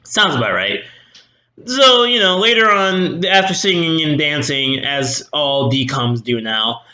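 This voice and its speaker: Snarky young reviewer, sharp bright tone, rambling fillers, roomy sound. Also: male voice, a little high, sing-song, measured pace, highs cut off. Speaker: movie reviewer. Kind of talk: sarcastic movie recap. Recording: roomy echo.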